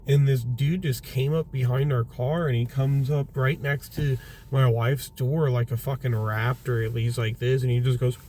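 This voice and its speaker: A man's voice: mid-range voice, steady tone, normal speed. A young man, a food delivery driver rambling through profane stories inside his car. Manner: rambling, profane anecdotes with laughs. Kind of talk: casual storytelling vlog. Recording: distant mic with loud road noise.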